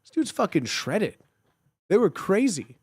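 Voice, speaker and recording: A young man in his twenties chats casually and jokes around on a live stream, reading and replying to chat. His voice is high and slightly rough, and he takes his time, but his manner is animated, jokey, and full of slang.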